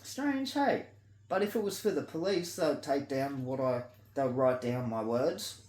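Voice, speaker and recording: A man with an Australian accent in a blunt, sweary rant to camera, swinging between loud outbursts and low mutters. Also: normal speed, echoey room. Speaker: vlogger. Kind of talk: ranting monologue to camera.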